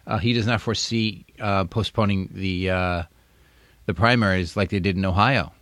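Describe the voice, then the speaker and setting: A man's voice: deep voice, fairly even intonation, moderate pace, a bit bright, dry recording. A man from New York, a librarian, chatting casually with some hesitation. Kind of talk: casual chat.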